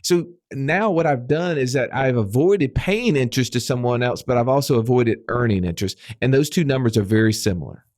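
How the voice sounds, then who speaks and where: A man's voice: medium pitch, expressive, brisk, few pauses, darkish tone, no room sound, studio quality. A man hosting a finance podcast, explaining ideas through rhetorical questions. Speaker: podcast host. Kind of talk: casual finance podcast chat.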